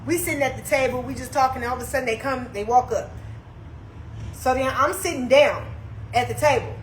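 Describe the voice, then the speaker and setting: Woman, young adult, high voice, echoey room, animated slangy storytelling. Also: brisk, slight background noise. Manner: animated, slangy storytelling that swings from calm asides to heated outbursts. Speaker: live streamer. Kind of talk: casual storytelling on a live stream.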